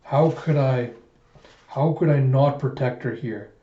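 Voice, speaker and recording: A man's voice: mid-range voice, a little slow, natural voice. A man reading aloud as a protective young bodyguard who blames himself, in an anguished way, on a dull, roomy home recording. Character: young male bodyguard, guilt-stricken and protective.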